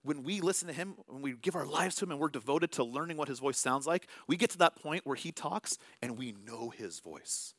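A man's voice: fairly high pitch, animated, brisk, hardly any pauses, a bit bright, dry recording. A man in his thirties preaching a sermon as pastor, in a conversational, self-amused way with small acted asides.

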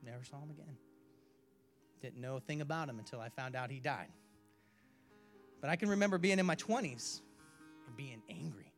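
A man preaching a sermon, telling a personal story in an animated way, with sudden loud bursts and quiet drops. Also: mid-range voice, normal speed, pauses often, soft background music. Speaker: pastor.

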